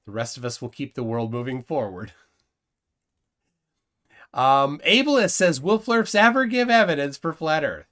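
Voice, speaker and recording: A man hosting a casual live stream, his pitch rising and falling. He reads viewer comments aloud and keeps questioning his guest. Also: sing-song, a little slow, pauses often, a bit bright. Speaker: host.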